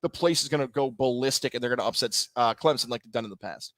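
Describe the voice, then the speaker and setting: A man co-hosting a sports radio show, telling stories in a casual, animated way and acting out quotes. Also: mid-range voice, quick pace, dry recording. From Central New York. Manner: animated storytelling, acts out quotes.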